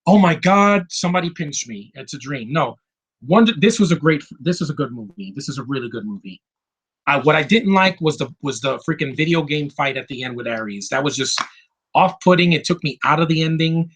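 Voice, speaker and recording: Male movie vlogger, slightly high and husky, excitable, swears a lot, restarts sentences. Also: fairly quick, poor audio. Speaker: movie reviewer. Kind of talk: casual film review rant.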